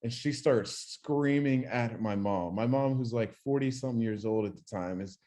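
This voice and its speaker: A young man co-hosts a podcast and tells stories in a casual, animated way, swearing freely. His voice sits at a middle pitch for a man. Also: moderate pace. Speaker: podcast co-host. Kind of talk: casual chat.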